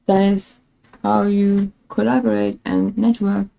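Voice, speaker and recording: A woman streamer with a medium-pitched, creaky, dark voice speaks flatly at a measured pace over poor audio. She rambles casually on her live stream, laughing at herself often while getting frustrated with her setup.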